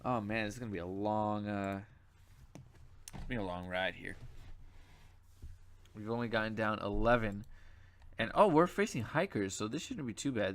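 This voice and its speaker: His voice is on the low side with a slightly bright edge as this young man, sleepy and yawning, talks casually over his own gameplay for his channel. He wanders off into asides and uses plenty of filler words.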